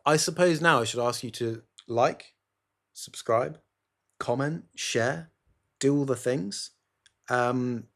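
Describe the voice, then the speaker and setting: Rambling sarcastic man podcasting. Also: mid-range voice. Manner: sarcastic, rambling, self-interrupting. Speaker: podcast host. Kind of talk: solo podcast monologue. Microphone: phone camera.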